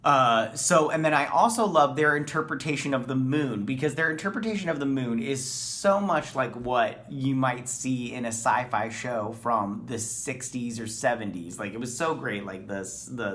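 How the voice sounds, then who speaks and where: A man's voice: medium pitch, a bit bright. A man hosting a casual TV episode review, talking in a rambling, enthusiastic way with many ums and uhs. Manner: rambling, filler-heavy, enthusiastic. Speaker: TV show reviewer.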